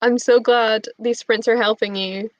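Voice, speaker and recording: A woman's voice: fairly high pitch, fairly even intonation, unhurried, dry recording. A young woman chatting casually on a live stream, bubbly and giggly as she answers her chat. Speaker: booktube streamer. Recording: dull lo-fi stream audio.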